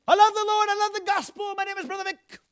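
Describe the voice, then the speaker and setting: A man imitating an energetic male missionary preacher who talks loud, high and exuberant. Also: quick pace.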